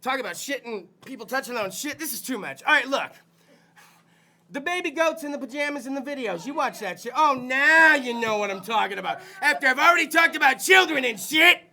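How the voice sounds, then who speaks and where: A man hosting a podcast with loose comedic chat, profane and rowdy, often bursting into shouts. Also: very high-pitched, lively intonation, a little fast. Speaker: podcast host.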